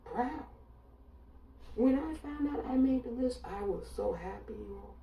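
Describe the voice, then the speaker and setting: A woman from Alabama speaks in a defiant, sarcastic monologue and hammers her points home through repetition. Her voice is very dark and gravelly. The sound is roomy, from a distant mic, with faint ambience behind her. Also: on the high side, lively intonation, a little slow, slight background noise. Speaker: online commentator. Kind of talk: emphatic monologue.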